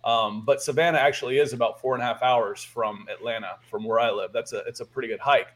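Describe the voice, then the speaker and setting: A man from Georgia co-hosts a sports podcast. He talks in a casual, rambling way, repeats his words and chuckles now and then. His pitch sits in the middle for a man. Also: steady tone, quick pace. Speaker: podcast co-host.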